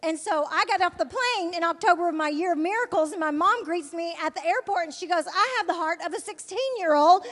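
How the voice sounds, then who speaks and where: A woman from Alabama telling a lively testimony as a missionary, laughing often and acting out the people she quotes. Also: very high voice, fairly quick, hardly any pauses. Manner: animated, laughs often, acts out quoted voices. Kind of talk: storytelling testimony to an audience. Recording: long hall reverb.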